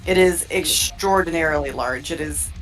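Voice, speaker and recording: A woman narrating a horror tabletop game as game master, chatty and relaxed, with fillers and restarts. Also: low-pitched, moderate pace, faint music behind.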